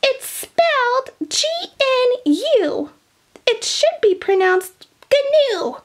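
A woman voicing a cheerful, curious old grandma in a high, sing-song voice for a storybook reading. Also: big pitch swings, very slow, exaggerated voice. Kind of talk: storybook puppet voice.

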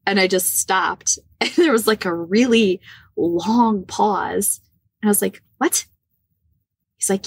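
A woman in her forties from the Midwest of the United States, telling a personal story as a podcast guest, animated and laughing often. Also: lowish voice, unhurried, vocal fry, husky, no echo. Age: 40s. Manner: animated, laughs often, acts out quoted dialogue.

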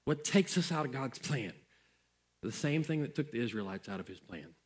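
A man's voice: mid-range voice, lively intonation, normal speed. Preaching man, repetitive and earnest. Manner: conversational preaching, repeats phrases for emphasis. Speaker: pastor. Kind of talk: sermon.

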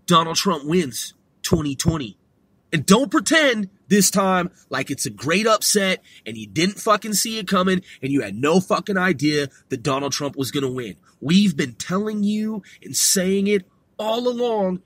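A man's voice: high voice, lively intonation, unhurried, fairly bright tone, no echo. A man ranting in a heated, rambling and profane monologue, repeating himself as he goes. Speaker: monologue ranter. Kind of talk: profane political rant.

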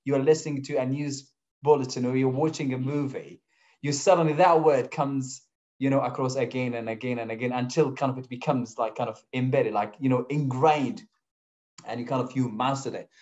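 Arabic-speaking male podcast host, chatty and example-driven, medium pitch, dull recording. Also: fairly even intonation, fairly quick, darkish tone. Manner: explains by acting out examples. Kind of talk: casual conversation. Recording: dull lo-fi audio.

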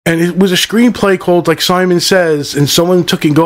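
A middle-aged man with a fairly high voice rants with frustration, cursing in almost every sentence. He jumps from one complaint to the next as he reviews a movie on his channel. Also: expressive, a little fast, hardly any pauses. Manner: angry, swearing constantly, rambling. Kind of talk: profane ranting movie review.

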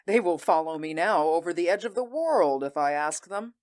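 A woman voicing a proud, ambitious warrior queen, speaking in an intense, measured and commanding way in an audio drama. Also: fairly low pitch, expressive, darkish tone, lightly acted. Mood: proud, fierce. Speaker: voice actor.

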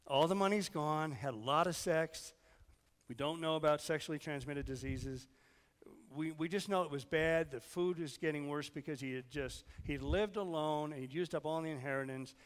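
A male pastor giving a conversational sermon while fighting a sickness, his throat hoarse; he puts questions to the congregation and swings from loud, urgent lines to hushed ones. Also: a little high, moderate pace, in a large hall.

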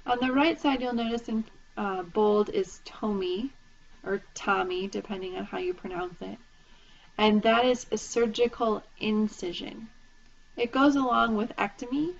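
A woman's voice: medium pitch, moderate pace, gravelly. Woman, instructor, patient recorded lecture, spells terms out letter by letter, muffled lo-fi sound. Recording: dull lo-fi lecture recording with faint noise.

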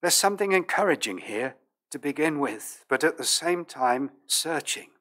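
A man preaching a sermon as pastor, in a measured, earnest manner with old King James phrasing. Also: fairly high pitch, lively intonation, a bit bright.

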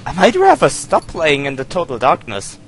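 A man's voice: a little high, huge pitch swings, normal speed. A man commenting on a horror game as he plays, nervous, easily startled and laughing at his own fear. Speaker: let's play host. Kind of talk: jittery gameplay commentary.

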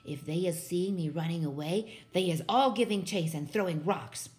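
A woman voicing a big, gentle male giant who speaks slowly and softly with mangled grammar. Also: fairly low pitch, soft background music, natural voice. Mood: nervous hush. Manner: slow, soft and hushed.

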